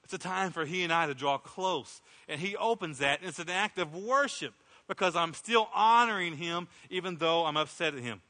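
A man's voice: fairly high pitch, moderate pace, sharp tone. A middle-aged man preaching a sermon as pastor, impassioned, acting out prayers in a raised voice. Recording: long hall reverb.

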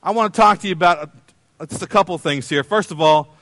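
Male pastor, high-pitched, casual sermon delivery with a dry close sound and playful repetition. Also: fast, fairly bright tone, dry recording. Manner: conversational, playful, repeats phrases.

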